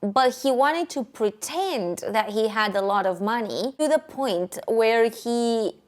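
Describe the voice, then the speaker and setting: A woman's voice: on the high side, expressive, slow. A woman hosting a commentary video, opinionated and openly skeptical, laughing at how worked up she gets. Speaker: host. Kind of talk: casual commentary.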